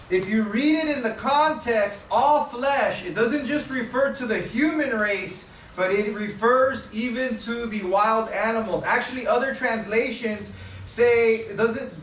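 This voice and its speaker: A man with a very high voice preaches on the street, reading out verses and leaning hard on the key words. He sounds distant from the mic, with a roomy echo around him. Faint ambient noise sits behind his voice. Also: fairly bright tone. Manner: emphatic, stresses key words while reading scripture. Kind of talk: open-air preaching. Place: outdoors.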